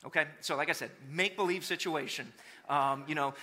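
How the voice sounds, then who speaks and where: A man's voice: high voice, a little fast. A man preaching a sermon in a church, acting out voices to make his points with humor. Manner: animated, acts out voices of people for humor. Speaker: pastor.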